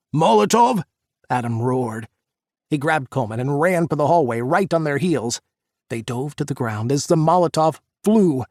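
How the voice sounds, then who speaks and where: A man's voice: a little high, no room sound. Man narrating an action audiobook, dry recording. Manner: voices characters' shouts in the action scenes. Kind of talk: scripted narration.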